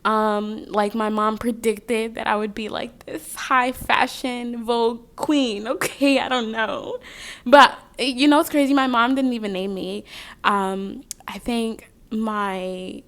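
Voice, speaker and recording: A woman's voice: a little high, steady tone, takes it slowly, a bit bright. A young woman giving a casual tarot reading, chatty and rambling, drifting off on tangents between the cards. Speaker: tarot card reader.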